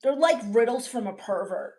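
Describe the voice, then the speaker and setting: A bitter sixteen-year-old goth girl, as a woman puts her on, mopes through a live stream in a deadpan drone. Her voice sits a little high, and everything she says drips with scorn. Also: normal speed. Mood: sulky. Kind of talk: live-stream character comedy reading chat.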